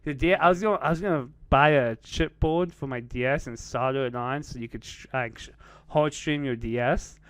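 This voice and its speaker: A man's voice: medium pitch, normal speed, clear, resonant tone, no room sound. A man co-hosting a podcast, telling a story in casual chat, swearing and laughing often. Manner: animated, profane, laughs often.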